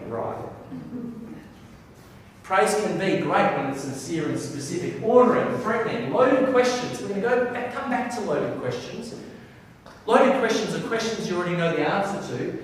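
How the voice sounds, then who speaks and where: A man giving an energetic, playful stage talk on body language to a live audience and directing them as he goes. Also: sits high, a little fast, slight background noise. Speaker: professional speaker. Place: large hall with a live audience. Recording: echoey hall recorded from far off.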